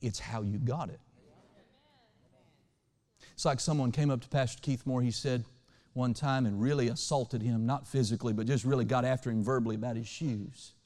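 A male pastor preaching a sermon. He swings between loud and hushed lines and asks the congregation to respond. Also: medium pitch, steady tone, moderate pace, long reverb tail.

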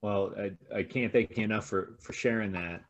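A male host asking a long, searching question with many pauses and restarts. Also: on the low side. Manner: halting, many fillers and restarts. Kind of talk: interview question.

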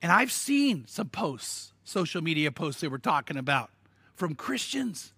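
Guy preaching, high sharp voice, animated storytelling, keeps restarting words, dry sound. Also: normal speed, husky, no echo. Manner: animated storytelling with stammered restarts and sudden emphatic outbursts. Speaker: pastor. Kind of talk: sermon.

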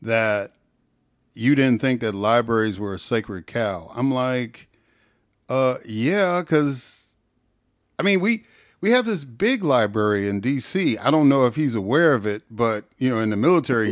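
A man's voice: medium pitch, sing-song, brisk, dry recording, studio quality. A man hosting a podcast interview, talking conversationally with sarcastic, joking asides. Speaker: podcast host.

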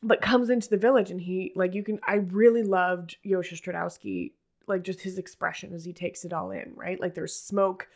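A woman's voice: fairly low pitch, expressive, normal speed. A woman in casual chat retelling scenes from a TV episode, full of "like" fillers and quoted lines.

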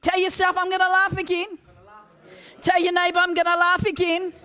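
A young woman preaching an energetic Pentecostal sermon in a church, loud and exclaiming as she leads the congregation in call-and-response. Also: extremely high pitch, normal speed. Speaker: guest preacher. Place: church service.

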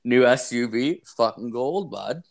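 A man's voice: mid-range voice, animated, unhurried, creaky, a little mellow. Give me a young man rambling through a profane casual story. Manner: profane, rambling, heavy filler use.

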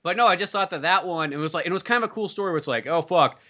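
A man's voice: sits high, rapid-fire, highs cut off. A man co-hosting a podcast, ranting about movies in casual chat with lots of swearing. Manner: profane, animated movie ranting. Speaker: podcast co-host.

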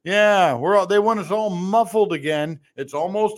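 A male podcast host doing a live political talk monologue, animated and sarcastic, ranting and slipping into mocking impressions. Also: high voice, moderate pace, hardly any pauses.

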